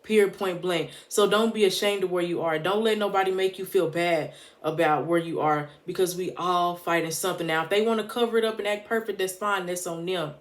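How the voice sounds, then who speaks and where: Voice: mid-range voice, steady tone, a little fast, hardly any pauses. Emphatic, preachy vlogger giving life advice. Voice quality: emphatic, preachy, casual street-smart phrasing. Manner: direct, repeats points for emphasis. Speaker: motivational vlogger. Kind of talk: heartfelt motivational talk to camera.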